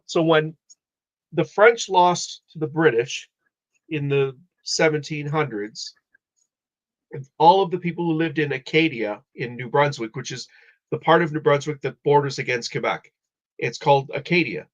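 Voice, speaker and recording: A man's voice: on the high side, normal speed. A man hosting a live stream, explaining history in a rambling casual way with many restarts. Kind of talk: casual chat. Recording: dull lo-fi audio.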